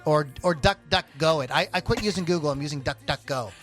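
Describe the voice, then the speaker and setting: A man's voice: fairly high pitch, fast, fairly bright tone. A male podcast host with a slightly raised voice rambles through casual chat, tripping over his own words. Faint music plays behind him.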